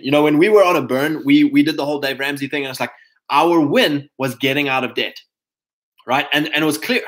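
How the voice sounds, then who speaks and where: A man's voice: medium pitch, fast talker, a bit bright. A man giving a casual, rambling motivational talk to other men as a podcast host, full of fillers and restarts, calling his listeners chaps.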